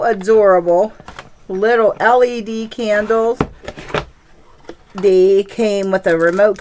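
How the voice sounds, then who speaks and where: A chatty woman showing off her papercraft in a casual show-and-tell. Her voice sits a touch high, and she gushes over every little piece. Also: a little hiss or hum. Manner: gushing, upbeat, chatty. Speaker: craft channel host.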